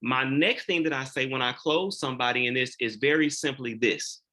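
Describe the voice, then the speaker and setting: A man's voice: a little high, expressive, brisk, hardly any pauses, bright, forceful tone. A man sharing his sales closing lines in a training session, emphatic and repeating his key questions. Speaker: insurance agent presenting sales training.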